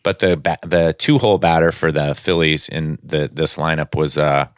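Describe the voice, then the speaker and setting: Brief: former pitcher, man, deep smooth voice, dry close sound, loose rambling anecdotes. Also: steady tone, normal speed, no echo. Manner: rambling storyteller, searches for words. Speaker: former professional baseball pitcher. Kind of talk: casual podcast chat.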